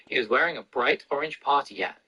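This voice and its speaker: A man reading a novel aloud in a steady, even storytelling voice while playing a video game. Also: medium pitch, fast, low-quality recording. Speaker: reader and gamer. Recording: game noise and sirens behind. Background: traffic and police sirens from a video game.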